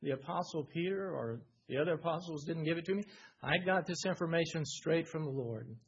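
Husky male preacher expounding Scripture. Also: fairly high pitch, a little fast. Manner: reads verses aloud then explains them, repeating phrases for emphasis. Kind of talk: sermon reading and expounding Scripture. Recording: dull lo-fi recording.

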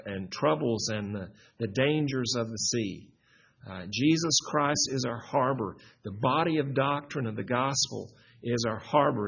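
A husky, mid-pitched man teaches scripture in an earnest, halting way, restarting phrases and leaning on repeated questions. His voice comes through a dull, lo-fi recording. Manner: earnest, many restarts and fillers. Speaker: pastor. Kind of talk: expository Bible teaching.

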